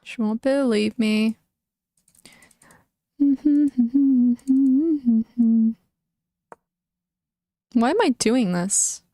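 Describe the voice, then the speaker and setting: Young woman streamer with an emotional, chatty delivery full of "like" fillers. She has a slightly high voice and an unhurried pace. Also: darkish tone, no room sound, clean studio sound. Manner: emotional, talks to her chat, frequent "like" fillers. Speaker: chess streamer. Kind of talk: casual live-stream chat.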